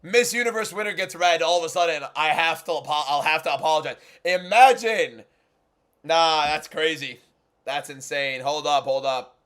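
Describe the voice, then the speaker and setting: A man hosting a live fight watchalong, reacting with incredulous, repetitive exclamations that swing from low muttering to shouting. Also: moderate pace, clean tone. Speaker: watchalong host.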